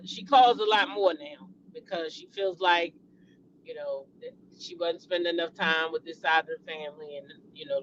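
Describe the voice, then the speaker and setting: A woman's voice: on the low side, muffled recording, slight background noise. A woman hosting a celebrity gossip show, chatting casually and animatedly to her viewers and calling them y'all.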